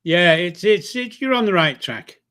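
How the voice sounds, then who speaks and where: An older man with a Yorkshire accent, co-hosting a casual live stream with halting, hesitant talk and dry humour. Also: sits high, sing-song, fairly bright tone. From Yorkshire, England.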